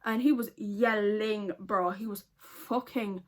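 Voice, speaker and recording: A woman's voice: medium pitch, fairly even intonation, slow pace. A woman telling a storytime vlog in a casual, blunt way, swearing a lot and laughing often. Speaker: vlogger.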